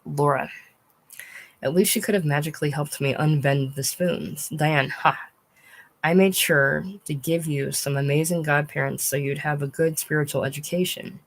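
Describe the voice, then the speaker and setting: This audiobook reader has a low-pitched female voice, captured on a poor-quality recording. She narrates a dialogue-style memoir in a chatty storytelling way, speaking other people's quoted words aloud.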